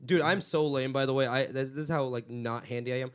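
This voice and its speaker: A man's voice: mid-range voice, fast, clear, resonant tone. A young adult man from Los Angeles, a comedian hosting a podcast, rambling and profane in casual comic chat. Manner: rambling, profane, jumps into mocking impressions.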